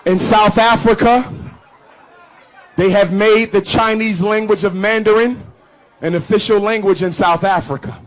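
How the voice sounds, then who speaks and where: High-voiced man giving a fiery speech. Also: steady tone, a little slow, a faint crowd, low-quality recording. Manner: impassioned, rhythmic preaching cadence, punches phrases with shouts. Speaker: public speaker. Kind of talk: fiery public speech to an audience. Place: live event before an audience.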